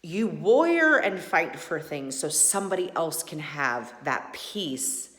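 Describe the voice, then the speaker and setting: A woman talking in an impassioned personal monologue, emphatic and folksy, often restarting and swinging between loud and soft. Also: low voice, big pitch swings, slow. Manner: folksy mild swearing. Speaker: podcast host.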